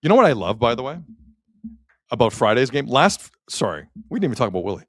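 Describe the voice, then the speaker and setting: A man with a Canadian accent hosting a sports talk show, opinionated and animated, reacting to chat comments. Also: mid-range voice, fast talker, dry recording, studio quality. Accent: Canadian English.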